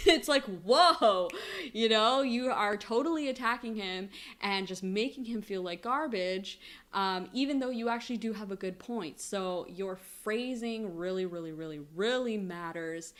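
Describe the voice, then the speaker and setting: A woman's voice: mid-range voice, fairly bright tone. Young woman, relationship blogger, casual and chatty talk to camera, filler-heavy, mid-range voice. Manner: chatty, many "like" and "you know" fillers.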